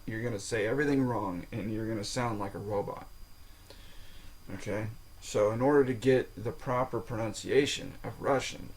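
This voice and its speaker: A man's voice: fairly low pitch, creaky, poor audio. A man hosting a solo podcast, talking informally, swearing now and then and checking in with the listener with "okay?". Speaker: podcast host. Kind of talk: casual solo podcast talk.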